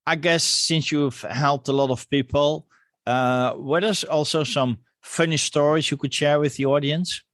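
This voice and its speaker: A man hosting a coaching podcast, agreeable, pausing on "uh" as he speaks. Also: a little high, fairly even intonation, fairly bright tone, no room sound, clean studio sound. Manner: agreeable, with hesitant fillers. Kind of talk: conversational interview.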